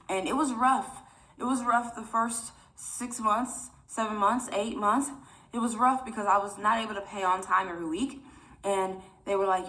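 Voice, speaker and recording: A young woman, a delivery driver, casually telling her own story to viewers, animated and quoting others as she goes. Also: medium pitch, fairly quick, low-quality recording. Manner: animated, addresses viewers as y'all, quotes others. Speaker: food delivery driver and vlogger.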